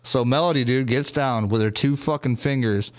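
Male livestream host, average pitch, loud, swearing storyteller, casual chat. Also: normal speed. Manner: animated profane storytelling.

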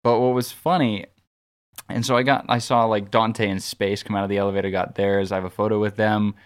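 A man's voice: on the low side, little pitch movement, fairly quick, clean tone. A man co-hosting a podcast, telling a long story in casual chat, rambling with frequent restarts and filler words. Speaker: podcast co-host.

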